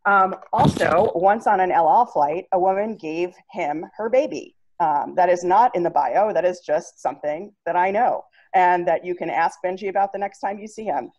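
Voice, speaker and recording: A chatty woman hosts a book party over a video call, her voice sitting a little low for a woman. She introduces herself and her guest with easy ums and asides. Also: moderate pace, few pauses, a little mellow, highs cut off. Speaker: event host.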